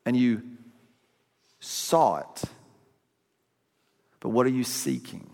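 A man's voice: medium pitch, takes it slowly, creaky. Man preaching casually in a reverberant hall. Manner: conversational, animated preaching with sudden loud bursts. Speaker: pastor. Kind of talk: sermon.

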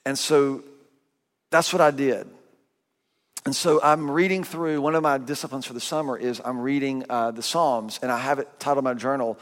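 A man's voice: mid-range voice, fairly quick. Middle-aged guy pastor preaching, jokey storytelling, voice ringing around a big church. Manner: animated storytelling, with self-mocking humor and voiced asides. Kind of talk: sermon. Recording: long reverb of a big hall.

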